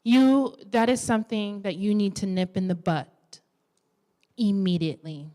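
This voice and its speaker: A woman in her twenties preaching a sermon in a church, lively and exhorting, with playful asides. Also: mid-range voice, moderate pace. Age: 20s. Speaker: women's ministry speaker.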